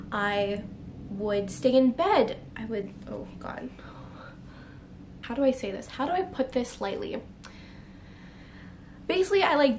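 With a little hiss or hum in the background, a young vlogger tells her emotional personal story to camera, candid and filler-heavy, sometimes close to crying. Her voice is fairly high in pitch, and the clip is a personal confessional vlog.

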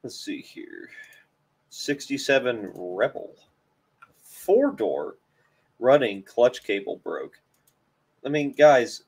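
A man hosts a casual live stream for a car channel, rambling through hesitant, self-deprecating chat. His mid-pitched voice swings up and down a lot. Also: darkish tone.

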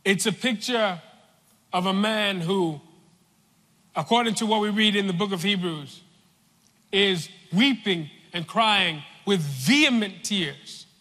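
A man preaching a sermon in a large church, slow and deliberate, repeating phrases for weight. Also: high-pitched, bright, forceful tone, long reverb tail.

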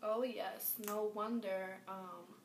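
A woman vlogging a casual makeup review, gushing and excitable, often repeating herself. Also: mid-range voice, slow. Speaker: beauty vlogger. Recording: echoey room with faint background noise.

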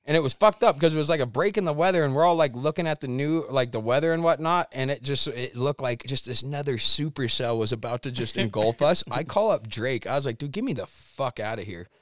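Man in his thirties, podcast guest storyteller; animated, swings from mutter to shout, mid pitch, dry close sound. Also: fairly quick, hardly any pauses, no echo. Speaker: podcast guest, pro skier. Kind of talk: casual storytelling chat.

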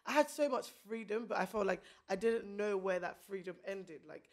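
Co-host: easygoing woman, mid-pitched, reflective, casual chat. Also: normal speed. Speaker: podcast co-host.

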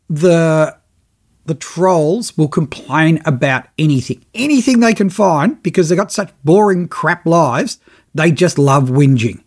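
Animated man spinning a yarn. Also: fairly high pitch. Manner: animated, acts out others' lines in his own voice. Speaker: podcast host telling a travel story. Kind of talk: casual storytelling.

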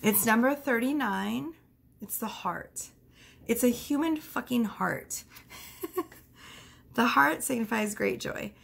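Gravelly-voiced woman doing a casual tarot reading. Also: fairly high pitch, slow pace, pauses often, fairly bright tone. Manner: chatty, laughs often, swears casually. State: out of breath. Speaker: tarot reader. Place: at home.

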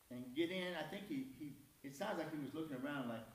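A man's voice: fairly high pitch, fast, hardly any pauses. A man preaching a conversational sermon in a church, folksy and self-deprecating. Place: church sanctuary. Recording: echoey church hall from far off.

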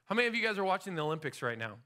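A middle-aged man preaching a sermon as pastor in a church, energetic and conversational, with rising emphasis. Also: high voice, racing. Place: church sanctuary.

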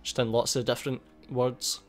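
A man giving casual, excitable gameplay commentary, swearing a lot and laughing at the game. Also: mid-range voice, normal speed. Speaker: gaming YouTuber. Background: faint game music.

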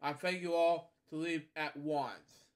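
A grumpy little male leprechaun who is curt and stubborn and only wants peace and quiet, as a man reads him aloud. The voice is slightly high. It belongs to a children's storybook reading. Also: fairly even intonation, slow.

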